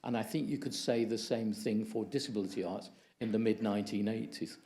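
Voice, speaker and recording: Man, conference speaker, low mellow voice, measured delivery with slide reading. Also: steady tone. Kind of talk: lecture presentation.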